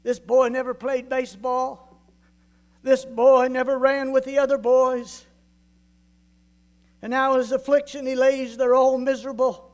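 A male preacher with a very high voice for a man retells a scripture story in a sermon. He paints the scene vividly and turns to the congregation with rhetorical questions. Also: a little mellow.

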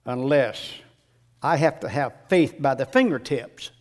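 A man preaching a sermon in a dramatic way, dropping to a hush and then rising to shouts. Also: medium pitch, lively intonation, unhurried. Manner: dramatic, swings from hushed to shouting.

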